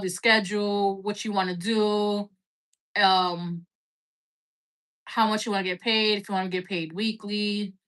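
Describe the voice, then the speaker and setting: A woman's voice: medium pitch, pushed and bright. A woman giving a casual live-stream tarot reading, chatty and loose, peppering her talk with "like" and "right?" and the odd swear word. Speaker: tarot reader.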